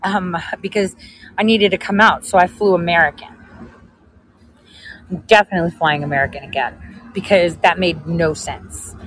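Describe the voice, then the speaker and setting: A woman's voice: fairly low pitch, fairly even intonation, moderate pace, pauses often, a bit bright, breathy edge, rough recording. A woman telling a story in a casual vlog, chatty and sarcastic, often laughing. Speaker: vlogger.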